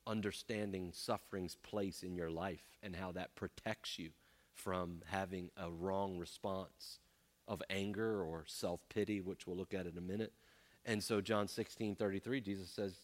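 A man preaching a sermon as pastor, emphatic and fond of rhetorical "right?" checks. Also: low voice. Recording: long hall reverb.

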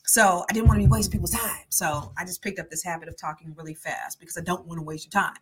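A woman hosting a podcast in casual chat, a naturally fast talker who is trying to slow down, with chatty asides and frequent ums. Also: fairly low pitch, fairly even intonation, very noisy. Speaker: podcast host.

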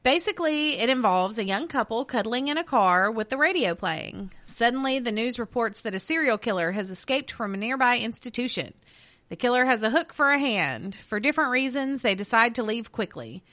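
Bright-voiced woman telling legends. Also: fairly high pitch, expressive, fairly quick. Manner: reads stories aloud, then jokes and laughs with co-host. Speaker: podcast co-host telling urban legends. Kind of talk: casual storytelling chat.

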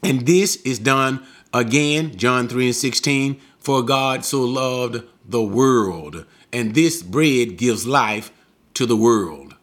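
Man, Bible teacher, slow deliberate pace, emphatic, rhetorical questions, close mic. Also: mid-range voice, expressive, a bit bright. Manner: emphatic, asks rhetorical questions and answers them.

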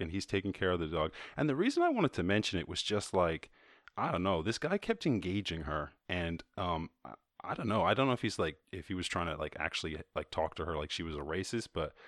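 A man's voice: low voice, fairly bright tone, dry recording, studio quality. A man with an Irish accent hosting his show, casually commenting on a video in a loose, profane way with frequent laughs. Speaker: host.

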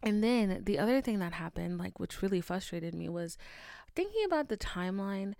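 A woman host talks through her podcast in an animated, chatty way and swears freely. Her voice sits in a middle pitch. The recording is dry and close, with no room sound. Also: moderate pace, creaky, no echo. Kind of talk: casual chat.

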